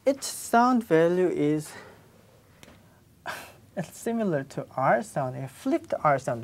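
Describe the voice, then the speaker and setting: A woman's voice: low-pitched, big pitch swings, takes it slowly, long pauses, a little mellow. A middle-aged Korean woman with a Korean accent, whose first language is Korean, teaching a language class in English and patiently repeating sounds for students to copy. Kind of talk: classroom lecture.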